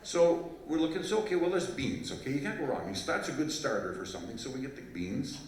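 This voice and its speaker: A man's voice: medium pitch, big pitch swings, quick pace, slight background noise. A man telling a rambling, joking story to a live audience from a festival stage, with lots of fillers and restarts. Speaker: fiddler introducing a tune on stage. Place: large hall at a live festival show. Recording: very echoey hall, voice from far off, faint crowd ambience.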